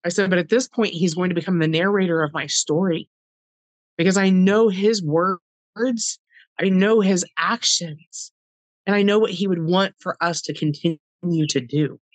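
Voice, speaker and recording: A woman's voice: lowish voice, measured pace, no room sound, rough recording. A middle-aged woman, a podcast guest, telling a personal story with heartfelt earnestness, acting out past conversations in quoted dialogue.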